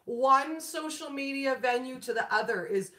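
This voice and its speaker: Woman in her forties, bubbly live-stream host, bright voice, fairly high, echoey room. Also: normal speed. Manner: bubbly, greets viewers by name, laughs often. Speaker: keto food channel host. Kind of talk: casual live-stream chat.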